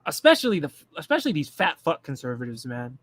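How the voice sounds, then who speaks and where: A man's voice: on the high side, wildly swooping pitch, quick pace, a bit bright, breathy edge, dry recording. A man ranting bluntly and profanely in casual political commentary, mocking the people he talks about. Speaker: commentary streamer.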